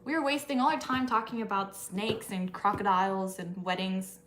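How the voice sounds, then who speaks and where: A woman's voice: mid-range voice, moderate pace, a bit bright, roomy sound. A woman co-hosting a casual livestream Q&A, playful and laughing often. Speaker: livestream co-host.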